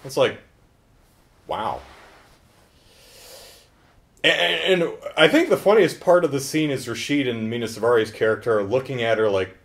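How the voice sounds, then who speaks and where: A man's voice: mid-range voice, expressive, moderate pace, long pauses. A man casually recapping a horror film in a joking, sarcastic way. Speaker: film reviewer.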